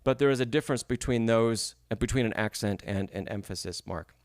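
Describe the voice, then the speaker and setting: A man's voice: fairly low pitch, a little fast, dry recording, studio quality. A man teaching piano in a live masterclass, explaining phrasing patiently and checking in often with the student. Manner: patient, explanatory, frequent "right?" and "yes?" check-ins. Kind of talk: live-streamed masterclass feedback.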